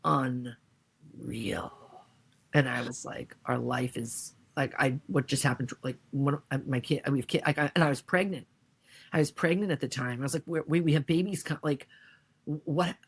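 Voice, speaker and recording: A woman's voice: a bass voice, normal speed, vocal fry, husky. A middle-aged woman, a podcast guest, telling a personal story with feeling and acting out the voices of others. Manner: animated, acts out quoted voices.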